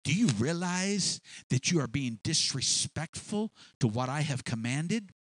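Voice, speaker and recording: A man's voice: fairly high pitch, lively intonation, fairly bright tone, no echo. A man playing a boastful ancient king. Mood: scolding. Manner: bragging, self-important, drawn-out words.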